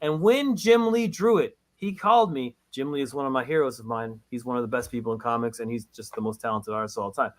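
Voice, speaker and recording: A man, a comic book writer, chatting casually in an interview, telling animated stories that swing into laughing exclamations. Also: medium pitch, quick pace, few pauses.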